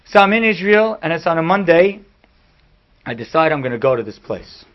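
A man giving a storytelling sermon, animated and acting out the people he quotes, in a dull lo-fi recording. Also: fairly high pitch, fairly quick. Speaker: speaker giving a talk.

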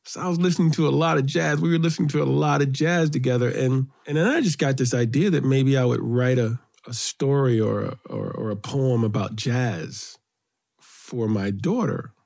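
Middle-aged guy from brooklyn telling stories in an interview, animated, voice jumps up when he gets going. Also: normal speed, vocal fry. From Brooklyn, New York. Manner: animated storyteller, rises in pitch when excited. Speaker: guest, children's author and poet. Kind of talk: storytelling interview.

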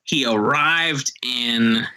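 A man's voice: mid-range voice, very slow, pushed and bright, slight background noise, poor audio. A man co-hosting a casual comedy podcast, blunt and profane in his remarks. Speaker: podcast co-host.

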